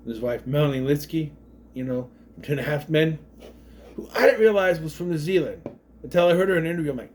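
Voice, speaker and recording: This man's voice sits on the high side and sounds a little mellow, and he talks fast. He's a movie reviewer loosely recapping a film, wandering off on tangents and now and then mimicking the characters mid-story.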